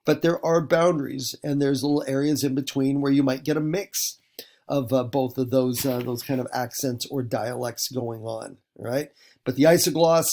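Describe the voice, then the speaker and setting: A middle-aged male teacher from the Pacific Northwest gives a recorded lecture. His voice sits at an ordinary pitch with a gravelly edge. He rambles, often restarts his sentences and fills pauses with "uh" and "you know.". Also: darkish tone. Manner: rambling, many fillers and restarts.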